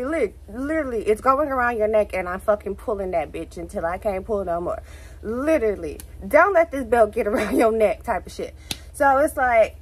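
A young woman with a Houston accent, telling a story to her vlog in a casual, animated way, full of swearing and "like, literally" fillers. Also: a little high, breathy edge, rough recording. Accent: Southern US, Houston. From Texas, USA. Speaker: vlogger.

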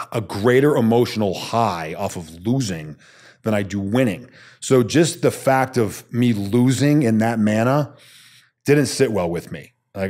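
A man's voice: fairly low pitch, darkish tone. A man, a former soldier, telling his story bluntly and emphatically as a podcast guest, swearing casually.

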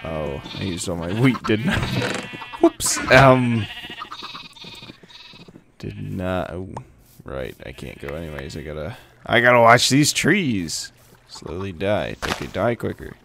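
A man with a low, gravelly voice gives unhurried let's play commentary. His pitch swings widely as he playfully chats to the animals in the game, over a faint background hiss. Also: very animated. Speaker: gameplay commentator.

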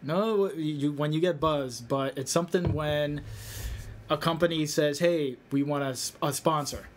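A man's voice: a little high, moderate pace, slight background noise. Laid-back joking male guest. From Massachusetts, USA. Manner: loose, joking, slightly stumbling. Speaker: guest filmmaker. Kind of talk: casual interview chat.

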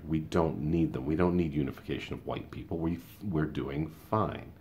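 A man in his fifties with an extremely deep, low voice talks through a casual opinion monologue. He rambles from story to aside in an easy, conversational way, with a faint hiss of noise behind him. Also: fairly quick, darkish tone. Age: 50s. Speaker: school paraprofessional and show host.

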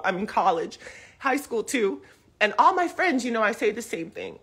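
A woman's voice: mid-range voice, fairly bright tone, husky. A woman in her forties speaking casually and emotionally from her living room, defending her family in a rambling live video. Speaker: mother addressing the public.

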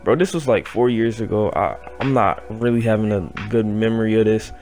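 A young man telling a story on his vlog, in an animated, profane, rambling way. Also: lowish voice, brisk, faint music behind. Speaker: vlogger.

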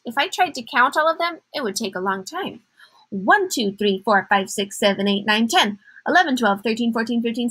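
A woman's voice: fairly high pitch, sharp tone, husky, poor audio. A woman teacher giving a patient math lesson to young children, counting aloud in a sing-song way.

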